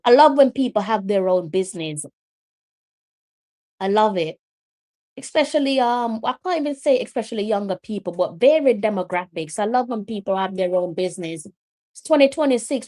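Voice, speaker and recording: A woman commentates a live match watch-along stream in a loose, conversational style, speaking straight into her microphone. Her mid-range voice is animated and brisk, chatty between plays, and she erupts into loud, exasperated exclamations when the action turns.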